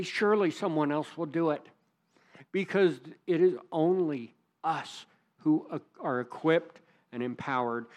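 Pastor, man, slightly high voice, measured emphatic sermon delivery. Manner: earnest, emphatic preaching with rising stresses.

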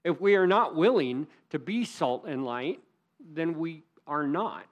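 A man's voice: on the high side, expressive, measured pace, lo-fi sound. A man preaching a sermon as pastor, earnest and emphatic, leaning hard on key words.

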